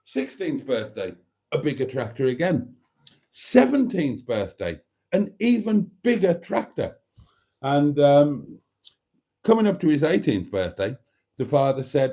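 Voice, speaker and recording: A man's voice: on the high side, very animated, measured pace, mellow. A man hosting a live stream, chatting casually, reading out viewer comments and telling a long rambling joke. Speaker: livestream host.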